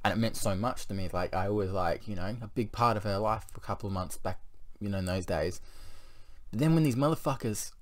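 A man's voice: on the low side, a little fast. A man in his thirties venting in a confessional vlog, rambling, blunt and full of swearing. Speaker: vlogger.

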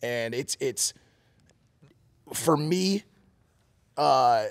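A man co-hosting a podcast, telling a story in a casual, animated and profane way, acting out shouted quotes. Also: mid-range voice, very slow, vocal fry. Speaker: podcast co-host. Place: podcast studio.

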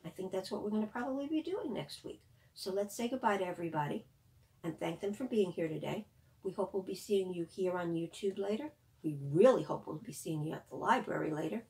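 A woman librarian reading a picture book aloud for small children, in an expressive, sing-song way. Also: on the low side, a little fast, rough recording.

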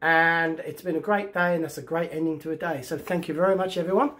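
A man, hosting his own channel and chatting warmly and casually to his viewers while he works. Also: a little high, fairly even intonation, fast. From England. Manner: chatty, upbeat, talks to viewers while working. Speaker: channel host. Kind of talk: casual vlog chat.

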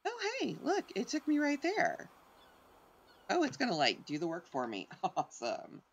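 A woman gives casual, excitable commentary while she plays a game. She is chatty and quick to poke fun at herself. Her voice has a gravelly edge, and her pitch swings widely. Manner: chatty, self-deprecating, excitable. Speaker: streamer.

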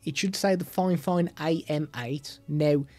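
A man's voice: a little high, measured pace, darkish tone, soft background music. A man streaming live while demoing audio gadgets, chatty with self-deprecating asides, into a studio microphone. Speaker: streamer reviewing products.

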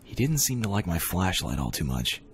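A man's voice: low-pitched, very animated, brisk, over loud music. A man voicing a wary adult male night guard who mutters grimly, heard in game audio.

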